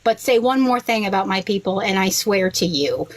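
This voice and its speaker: Woman, forties, rabbi, casual podcast guest, lively storyteller, voices her son in the quotes. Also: moderate pace, poor audio. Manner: animated storyteller, quotes others with big pitch jumps.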